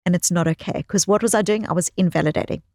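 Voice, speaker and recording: A woman psychologist telling personal stories as a guest in an interview, expressive and fond of repeating phrases for emphasis. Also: fairly low pitch, fast talker, no room sound, clean studio sound. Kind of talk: conversational interview storytelling.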